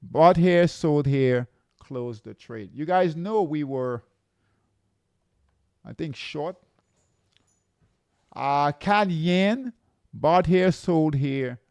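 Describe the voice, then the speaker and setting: A man's voice: on the high side, slow, warm tone, clear, resonant tone, no room sound. A man running a live trading lesson, walking through charts and checking in with "okay?" and "right?" as he talks. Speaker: trading coach.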